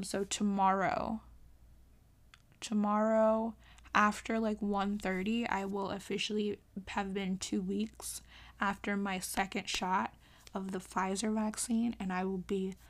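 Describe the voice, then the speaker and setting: A young woman talking casually to camera in a vlog, animated and exasperated, pleading with sudden high exclamations. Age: young adult. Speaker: vlogger.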